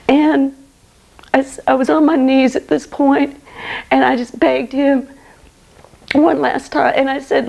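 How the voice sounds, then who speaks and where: Woman, middle-aged, personal testimony, earnest and emotional, gravelly fry in the voice. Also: sits high, level tone, unhurried, pauses often, darkish tone, low-quality recording. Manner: earnest, emotional storytelling with frequent "you know". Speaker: guest sharing her testimony.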